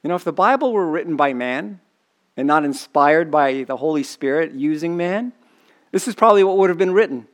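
A man's voice: a little high, lively intonation, fairly quick. A man preaching a sermon in a conversational way, often asking the congregation questions. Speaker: pastor.

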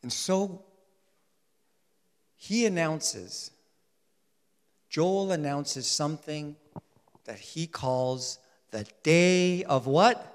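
Animated preacher man in a reverberant hall. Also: on the high side, drawn-out words, long pauses, clean tone. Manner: animated, swings from loud emphasis to soft asides. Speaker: pastor. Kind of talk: sermon.

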